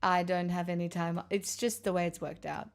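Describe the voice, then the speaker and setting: A woman's voice: fairly low pitch, steady tone, normal speed, soft background music. A woman streaming live, chatting casually and answering her chat's questions aloud. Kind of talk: casual chat reading stream chat.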